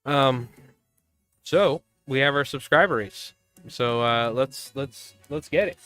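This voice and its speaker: A man streaming live, chatting casually and calling a marble race with loud bursts of excitement. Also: mid-range voice, slow. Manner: rambling, laid-back, bursts into loud excited commentary. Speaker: streamer and fly tier. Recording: faint music under the voice. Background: background music.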